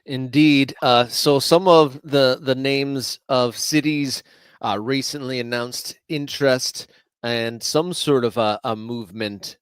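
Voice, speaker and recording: A man co-hosting a soccer talk show, speaking in a measured, halting way with fillers. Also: medium pitch, smooth, no echo. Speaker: soccer podcast co-host. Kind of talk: casual chat.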